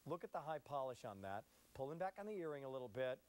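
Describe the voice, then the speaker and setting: A man's voice: medium pitch, very animated, fast, darkish tone. A man hosting a live shopping channel broadcast in an upbeat, chatty sales patter.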